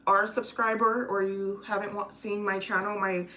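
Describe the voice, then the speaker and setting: A woman's voice: mid-range voice, level tone, normal speed, pushed and bright, slight background noise. A woman in her forties chatting casually to the camera while cooking in her home kitchen. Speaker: vlogger. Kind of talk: casual cooking vlog chat.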